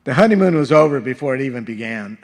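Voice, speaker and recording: Male pastor, mid-range voice, informal verse-by-verse sermon in a church. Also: medium pitch. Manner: casual, conversational teaching with frequent fillers. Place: church sanctuary.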